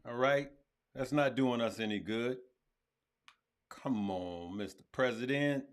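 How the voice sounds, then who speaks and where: With a clean-toned, mid-range voice and a slow pace, a man runs a casual crypto live stream. Animated and direct, he addresses viewers as "good people" and keeps repeating himself.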